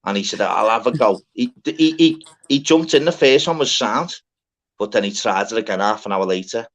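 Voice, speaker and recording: A man's voice: medium pitch, normal speed, a bit bright. A man from Scotland telling a rambling, swear-filled party story in casual chat, repeating "lad" as he goes.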